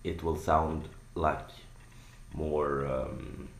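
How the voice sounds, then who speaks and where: A young man with an extremely deep, gravelly voice talks slowly through a screaming technique. He rambles, restarts and fills gaps with "uh" and "like", sounding casual rather than polished. The home recording has a noticeable echo from the room. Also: steady tone. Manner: rambling, filler-heavy explanation. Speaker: vocal tutorial maker. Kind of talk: casual spoken tutorial.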